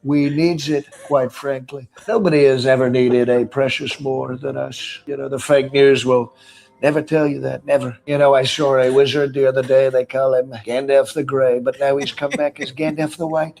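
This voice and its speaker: A man's voice: mid-range voice, gravelly, close to an everyday voice, poor audio. A man voicing a Gollum-like creature who brags and rambles in a politician's manner, repeating phrases and hissing "we wants it.".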